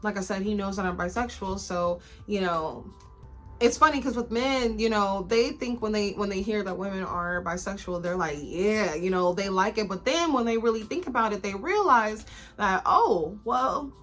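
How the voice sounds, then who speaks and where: A woman's voice: medium pitch, normal speed, fairly bright tone, soft background music. A woman in her twenties telling a personal story in a candid, casual vlog style. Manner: candid, conversational, lots of fillers and swearing. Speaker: vlogger.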